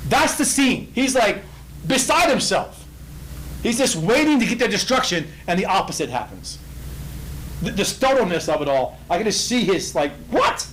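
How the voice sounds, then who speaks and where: A man teaching a Bible study, acting out the characters with excited exclamations. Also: high-pitched, normal speed, a little hiss or hum, rough recording.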